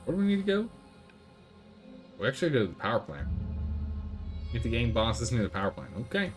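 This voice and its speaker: A man streaming a video game, joking around and getting flustered in tense moments. His mid-range voice swings widely in pitch. Game music plays clearly behind him. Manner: excitable, joking, quick to panic. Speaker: gaming streamer. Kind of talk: casual gameplay commentary.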